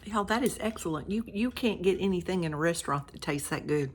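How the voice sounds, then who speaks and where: A woman's voice: lowish voice, animated, a little fast, slightly rough. An older woman, chatting directly to viewers while cooking and tasting food in her home kitchen. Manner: chatty, talks straight to viewers, eats on camera. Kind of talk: casual cooking vlog.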